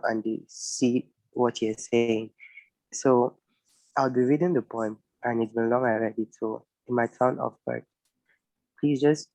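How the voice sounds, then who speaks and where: A man with a Cameroonian English accent, a poet who first explains himself in a halting, earnest way and then recites a spoken-word poem in a steady, solemn voice. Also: medium pitch, no room sound, low-quality recording.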